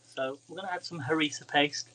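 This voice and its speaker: Cooking in his home kitchen, a man chats casually with viewers of his live stream as he works. His voice sits on the high side, brisk and sharp, and the low-quality recording carries a little hiss or hum.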